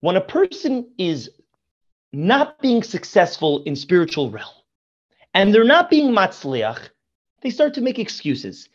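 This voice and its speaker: Man, rabbi guest, high-pitched voice, effusive storyteller, dull lo-fi sound. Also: huge pitch swings, measured pace. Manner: effusive, repeats praise often. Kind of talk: Torah teaching and storytelling.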